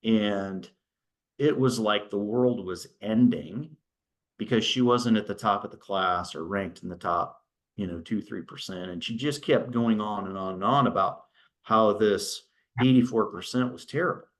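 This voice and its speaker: At a virtual business workshop, a middle-aged man gives a casual presentation over a video call, with a lowish, fairly bright voice and an unhurried pace. He talks conversationally, tells stories, and often checks in with "right?".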